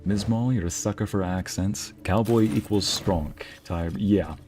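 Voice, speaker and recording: A man's voice: fairly low pitch, a little slow, darkish tone, faint music behind. A man streaming a game, chatting casually and musing aloud as he reads out messages from his chat.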